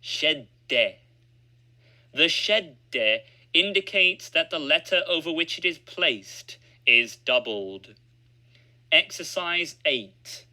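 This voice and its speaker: Guy narrating an old language course audiobook, super slow, word by word, really bright sharp voice. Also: on the high side, animated. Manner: slow, deliberate word-by-word drill reading. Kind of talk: reading a language course aloud.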